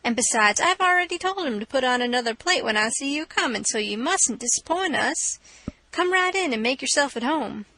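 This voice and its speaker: A woman reading an audiobook, voicing a flustered, sharp-tongued older Southern aunt who scolds indignantly. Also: sits high, expressive, fairly quick, dry recording, exaggerated voice. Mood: pleading.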